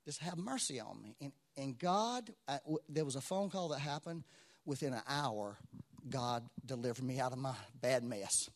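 A man preaching a sermon, telling stories with lively swings between loud exclamations and quiet asides. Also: mid-range voice, moderate pace.

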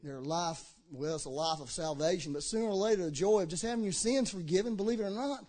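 High-voiced man preaching with fervor. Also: animated, quick pace. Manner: impassioned, swinging between shouting and low earnest talk. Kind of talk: sermon. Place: church hall with a congregation.

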